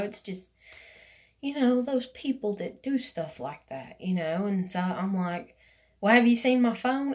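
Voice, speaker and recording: A woman's voice: mid-range voice, darkish tone. A woman, casually telling a personal story in a rambling vlog, full of "you know" and "like", acting out what others said. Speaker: vlogger.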